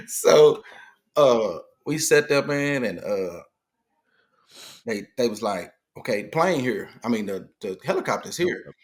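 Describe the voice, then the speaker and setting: A middle-aged man tells a story as a guest in a relaxed conversation. He brings it to life by acting out the people he quotes. His voice sits at a medium pitch. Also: slow pace, pauses often. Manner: animated retelling, acting out quoted dialogue. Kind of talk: casual storytelling.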